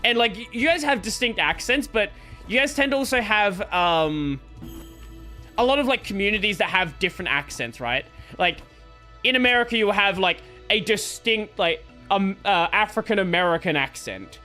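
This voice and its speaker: A man's voice: high voice, expressive, moderate pace, pushed and bright, soft background music. A man with an Australian accent chatting casually while streaming a video game, rambling and full of fillers. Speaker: gaming streamer. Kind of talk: casual chat while gaming.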